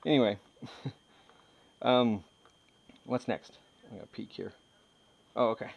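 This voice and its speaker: A man in his thirties talks through his finds in an easygoing, rambling way, tossing in jokes and laughing often. His voice sits at an ordinary middle pitch. The recording sounds dull and lo-fi, like home video audio. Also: fairly even intonation, slow, creaky. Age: 30s. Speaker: metal detecting hobbyist. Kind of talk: casual chat showing finds.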